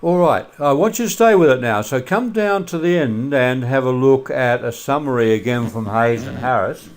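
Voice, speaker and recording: A man's voice: medium pitch, normal speed. Man teaching maths in a casual screencast. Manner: relaxed, many filler uhs, asks students questions. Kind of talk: screencast lesson walkthrough.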